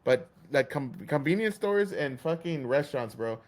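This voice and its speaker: Man, host, fired-up profane rant, a touch high in pitch. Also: lively intonation, normal speed. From Texas. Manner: heated, swearing, acts out store clerks. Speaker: podcast host.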